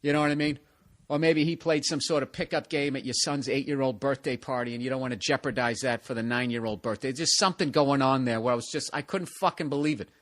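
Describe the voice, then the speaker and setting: A man's voice: mid-range voice, steady tone, fast. A man ranting profanely and sarcastically in a monologue, mocking people with put-on quotes. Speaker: podcast host.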